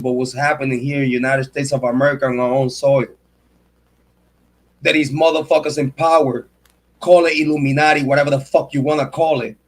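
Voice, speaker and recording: A man in his forties, a true crime channel host, giving an angry, profane, emotional livestream rant and repeating himself. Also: mid-range voice.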